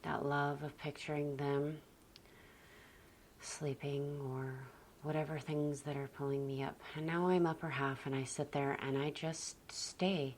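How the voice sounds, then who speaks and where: A young adult woman talking gently and slowly about calm parenting, often dropping almost to a whisper. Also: deep voice, a little hiss or hum. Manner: soft, slow and gentle, often near a whisper. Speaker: parenting vlogger. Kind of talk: calm reflective talk to camera.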